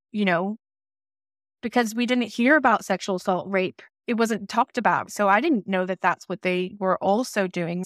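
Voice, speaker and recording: A woman's voice: mid-range voice, a bit bright, dry recording. A woman speaking in a middle register on a podcast, her voice close and dry with no room around it. She shares a personal story in a candid, conversational way. She slips into the voices of people from her memories as she goes. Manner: candid and personal, acting out remembered dialogue. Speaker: podcast co-host.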